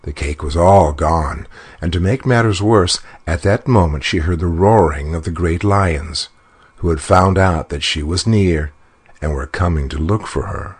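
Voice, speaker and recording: A man reading a fairy tale aloud in an expressive, unhurried storybook narration. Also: low-pitched, husky.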